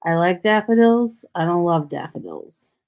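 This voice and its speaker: A woman's voice: fairly low pitch, sing-song, normal speed, creaky, a little mellow. A woman hosting a casual solo livestream from home, rambling freely with sarcastic asides. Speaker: livestream host. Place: home in Texas. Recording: dull lo-fi stream audio.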